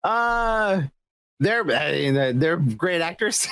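A man's voice: fairly high pitch, expressive, slow, vocal fry, fairly bright tone, clean tone. A man co-hosting a podcast, teasing and profane in casual chat. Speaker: podcast co-host.

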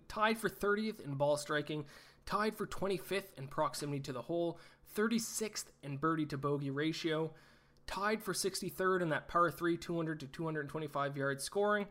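A man's voice: on the high side, fairly bright tone. A man hosting a casual sports betting show, reeling off stats and picks in a chatty, self-deprecating way. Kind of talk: casual betting podcast talk.

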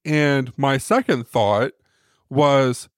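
A man's voice: mid-range voice, very slow, no echo, studio quality. A man co-hosting a podcast, telling a rambling casual anecdote and acting out the quotes of the people in it. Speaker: podcast co-host. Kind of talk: casual storytelling.

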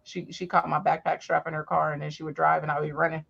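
A woman telling animated, profane stories from her youth in a casual chat. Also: deep voice, quick pace, creaky, slightly rough. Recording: dull lo-fi audio.

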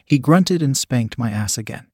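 A man reading an erotic story aloud in the first person, steady and unhurried. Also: mid-range voice, breathy edge, dry recording, clean studio sound. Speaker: story narrator.

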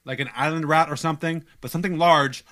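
A young man casually telling a long story on a podcast, animated and self-mocking, stumbling over restarts. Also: a little high, fast.

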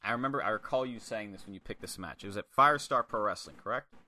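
A man with a strikingly bright, forceful voice, chatting casually on a podcast about a wrestling match. His pitch sits a little low. He's animated, swears freely and jumps into quick impressions. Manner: animated, swears, acts out quotes. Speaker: podcast co-host. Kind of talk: casual wrestling review chat.

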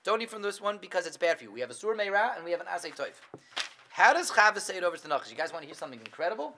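A middle-aged man teaching a Torah class, animated, questioning his students and acting out what the figures say. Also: sits high, rapid-fire, a little hiss or hum.

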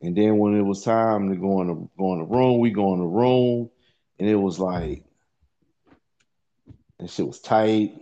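A man's voice: lowish voice, unhurried, long pauses, dark tone, highs cut off. A man telling a long profane story in a casual podcast chat, rambling and repeating "you know what I'm saying" as he goes.

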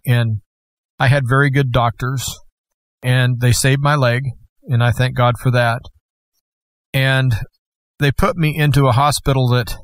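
A man's voice: mid-range voice, no echo. A middle-aged man recounts a personal testimony as a guest host. His delivery is plainspoken, with touches of dry humor. The recording is dry and close, with no room sound.

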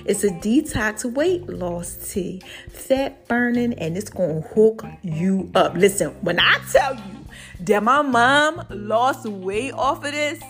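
A woman's voice: mid-range voice, animated, takes it slowly, soft background music. A woman hosting a casual motivational podcast, short of breath, chatty and preachy, now and then breaking into song. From Brooklyn. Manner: preachy, chatty, sings snatches. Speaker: podcast host.

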